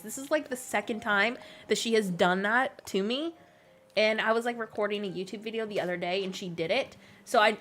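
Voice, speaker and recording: A woman's voice: medium pitch, a bit bright. A woman live streaming a game, chatting casually, rambling and laughing often as she jokingly complains about her pets. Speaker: gaming streamer.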